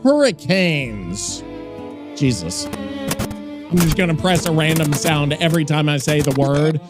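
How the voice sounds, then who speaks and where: A man's voice: fairly high pitch, lively intonation, moderate pace. A man hosting a casual podcast, rambling and joking, swearing often and drifting off topic. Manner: joking, profane, easily sidetracked. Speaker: podcast host. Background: music and sound effects he plays.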